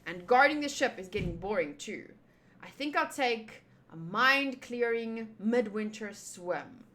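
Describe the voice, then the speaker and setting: A woman's voice: fairly high pitch, lively intonation, measured pace, a bit bright. A woman hosting a casual comic readthrough, chatting in playful asides. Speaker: channel host.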